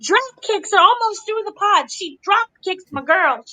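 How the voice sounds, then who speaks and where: A woman hosting a casual wrestling review, animated and acting out the quotes with gasps and shrieks. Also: extremely high pitch, a little slow. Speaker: show host. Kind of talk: casual wrestling recap chat.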